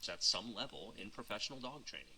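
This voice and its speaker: Low-voiced man speaking in earnest. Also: big pitch swings, fast talker, bright, forceful tone, low-quality recording. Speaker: dog trainer in a played clip. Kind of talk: calm spoken commentary.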